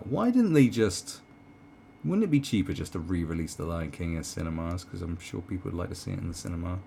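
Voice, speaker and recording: Gravelly, deep-voiced British man ranting. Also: big pitch swings, brisk, warm tone, a little hiss or hum. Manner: sarcastic, swearing, many ums and restarts. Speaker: commentary vlogger. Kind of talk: ranting video commentary.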